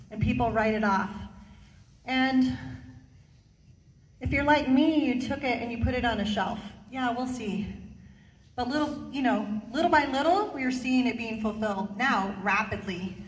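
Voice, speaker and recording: A woman organizer addressing a meeting in an animated, earnest way. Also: fairly high pitch. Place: hall. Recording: echoey hall from far off.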